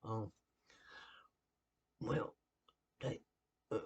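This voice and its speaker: A man's voice: mid-range voice, lively intonation, normal speed, gravelly, pauses often, a little mellow, breathy edge, dull audio. A man with a Southern US accent giving a casual sermon-style talk, folksy and blunt, with laughing asides. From American South.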